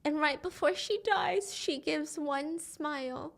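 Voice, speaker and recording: A high-pitched woman recounting a dramatic story to her friends in a relaxed, conversational way. She keeps the telling animated and slips into the characters' lines as she goes. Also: slow, vocal fry. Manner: animated, acts out quoted lines.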